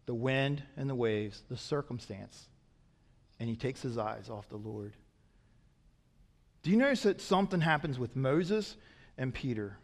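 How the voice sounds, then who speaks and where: A man preaching a sermon as a pastor, swinging from loud emphatic peaks to quiet, low asides. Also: animated, unhurried, long pauses, big-room sound.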